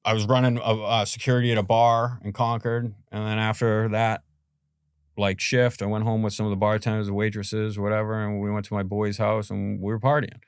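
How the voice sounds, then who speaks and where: Rambling, low-voiced man from Boston. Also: little pitch movement, a little fast, clear, resonant tone, no room sound, studio quality. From Boston, USA. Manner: rambling, full of "like" and "you know", swears. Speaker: podcast guest. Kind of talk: casual storytelling in an interview.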